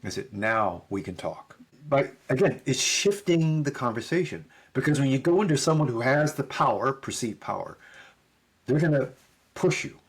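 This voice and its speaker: Husky middle-aged man telling a story. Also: mid-range voice, moderate pace. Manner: animated storyteller acting out both sides of dialogue. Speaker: podcast guest. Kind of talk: storytelling in conversation.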